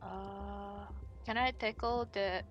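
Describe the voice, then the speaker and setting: A woman's voice: medium pitch, fairly even intonation, slow, lo-fi sound, soft background music. A woman playing a tabletop game, playful and giggly. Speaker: player. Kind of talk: casual tabletop play.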